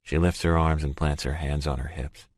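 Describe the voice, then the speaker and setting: A man narrating a first-person romance audiobook in a steady, measured way. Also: rumbling low, no room sound, clean studio sound.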